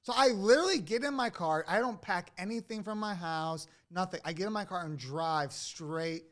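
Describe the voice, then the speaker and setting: A man with a voice pitched a little above the usual tells a personal story on a podcast. His delivery is animated and chatty, full of "like" fillers and quick laughs. It comes across as a casual conversation between people in the same room.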